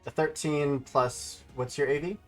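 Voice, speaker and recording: Male game master for a streamed tabletop game, relaxed narration, faint background music. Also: on the high side, measured pace.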